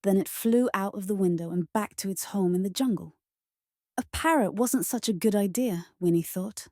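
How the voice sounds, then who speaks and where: A woman narrating a children's storybook in a gentle, measured read-aloud manner. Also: medium pitch, no room sound.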